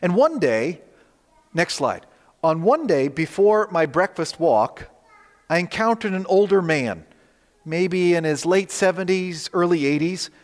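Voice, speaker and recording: A man preaching a sermon, telling a personal story in a relaxed, conversational way while advancing slides. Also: sits high, measured pace. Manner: storytelling, conversational, animated in quoted dialogue. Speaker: pastor. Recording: long hall reverb.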